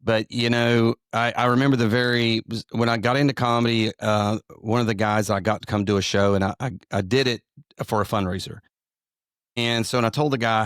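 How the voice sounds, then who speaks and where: Speaking briskly with little pitch movement, a middle-aged comedian and pastor from the American South tells rambling, self-deprecating stories in an interview conversation, drawling and restarting many times. His voice is medium-pitched, fairly bright, clear, and resonant. The recording is dry, clean studio sound.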